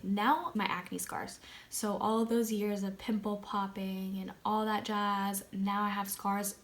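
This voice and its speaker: A woman's voice: medium pitch, unhurried. Chatty, slangy young woman vlogger. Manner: chatty, slangy, animated, addresses viewers as "you guys". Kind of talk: casual direct-to-camera vlog.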